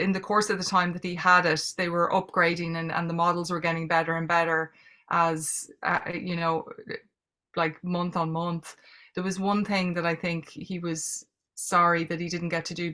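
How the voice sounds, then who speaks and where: A middle-aged woman with an Irish accent talks candidly and reflectively, answering audience questions over a video call. Her tone is bright and her pitch sits low. She keeps a flat, even melody as she chats. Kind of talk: casual Q&A conversation.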